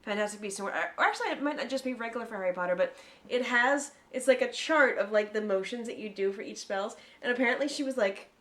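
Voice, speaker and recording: A woman co-hosting a podcast in casual chat. She is lively and swears freely, and she explains things at length. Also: a little high, fast. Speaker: podcast co-host.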